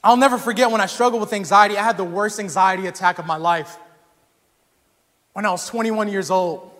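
A young man preaching a sermon in a church, talking casually and telling stories with animated energy that rises to shouts. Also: high voice, a little fast. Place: church sanctuary. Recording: long hall reverb.

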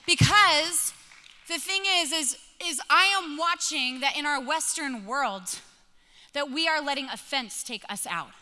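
A woman in her thirties delivers a sermon with a high, piercingly bright voice. She tells stories in an animated way and acts out every bit of dialogue. Her words ring out with the long reverb of a big hall. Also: measured pace. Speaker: pastor. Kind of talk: sermon with personal story.

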